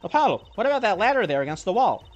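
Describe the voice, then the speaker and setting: A man doing a high, snappy grumpy girl detective. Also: very animated, rapid-fire. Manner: snappy and scolding. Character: grumpy, bossy young woman detective. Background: faint game music.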